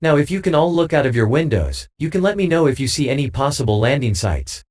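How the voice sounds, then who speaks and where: A man's voice: on the high side, lively intonation, quick pace, darkish tone. A man voicing an unflappable male pilot in an audiobook, wry and matter-of-fact.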